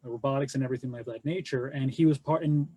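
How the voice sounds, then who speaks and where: A man co-hosting a casual live webcast, talking haltingly with many restarts. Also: mid-range voice, fairly even intonation, dark tone, breathy edge, no echo. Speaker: co-host.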